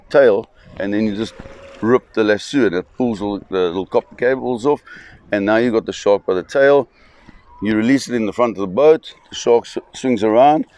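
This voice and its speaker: Low-voiced man telling a tale. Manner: animated storytelling with fillers and restarts. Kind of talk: spoken anecdote.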